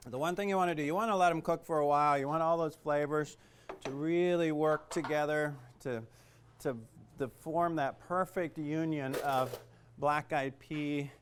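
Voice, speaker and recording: A man's voice: a little high, slight background noise. A man teaching a cooking class in a kitchen, chatty and joking, with lots of fillers. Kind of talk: casual cooking demonstration.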